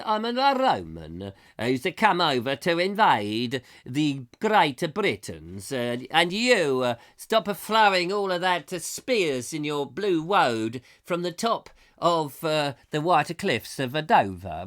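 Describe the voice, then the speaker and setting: A man's voice: on the high side, sing-song, slow pace, a bit bright, pitched above the performer's own voice, heavily acted. A man voicing a boastful, blustering Roman invader, raising his voice and threatening.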